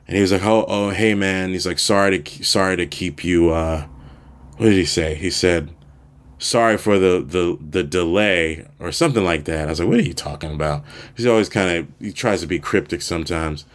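A man's voice: deep voice, a little fast. A man from Maryland hosting his own podcast, telling a loose personal story at home with many fillers and restarts. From Prince George's County, Maryland. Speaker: podcast host. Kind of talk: casual solo storytelling. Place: home room.

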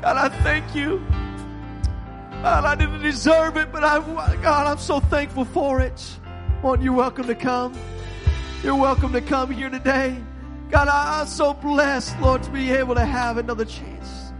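A male pastor preaching an impassioned sermon with an altar call, rising to shouts. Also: extremely high pitch, little pitch movement, measured pace, over music. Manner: impassioned, rising to shouts, voicing God's words.

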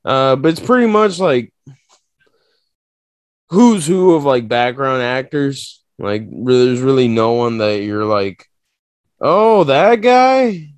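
A man co-hosting a podcast in casual chat, swearing freely and telling stories with lively energy. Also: medium pitch, slow, clear, resonant tone, no room sound. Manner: profane, animated storytelling with mock voices. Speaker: podcast co-host.

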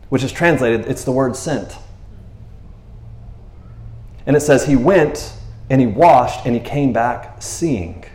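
With a mid-range, darkish voice, this preacher talks slowly and pauses often. His sermon rambles casually, he constantly asks listeners "you know what I mean," and the sound echoes around the room.

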